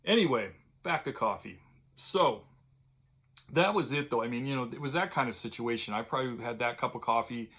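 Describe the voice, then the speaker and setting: A man's voice: medium pitch, lively intonation, fairly quick, fairly bright tone. An older man from California, the host of his own vlog, reminiscing in a loose, rambling way, with lots of fillers and restarts and a wistful tenderness when his memories turn to old friends. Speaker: vlogger. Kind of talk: casual reminiscing monologue.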